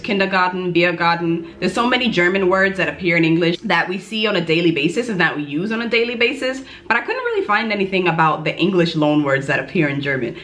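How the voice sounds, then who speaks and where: A woman's voice: on the low side, a bit bright. Chatty young woman vlogging. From New York. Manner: chatty, self-deprecating, quick. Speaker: YouTuber teaching German. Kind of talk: casual vlog explainer.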